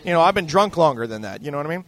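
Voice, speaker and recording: A man hosting a podcast in a casual, profane rant, animated and mock-boastful, swearing freely. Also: on the high side, very fast. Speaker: podcast host.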